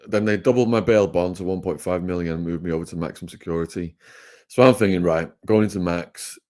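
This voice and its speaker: An English man with a fairly low voice recounts his stories as an interview guest. He talks in an animated way and laughs often as he goes. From England. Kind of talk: storytelling interview.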